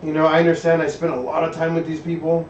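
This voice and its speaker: A man with a slightly high voice talks fast and flat while hosting a casual livestream from his home garage, working on an engine. He reads the chat aloud and rambles, trailing off and restarting his thoughts. The garage is echoey, he sits far from a dull mic, and there's a bit of background noise.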